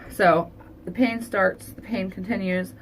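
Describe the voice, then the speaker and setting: A woman vlogger telling a painful personal story in an earnest, halting, confessional way. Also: medium pitch, steady tone, a little hiss or hum. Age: adult. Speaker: beauty vlogger.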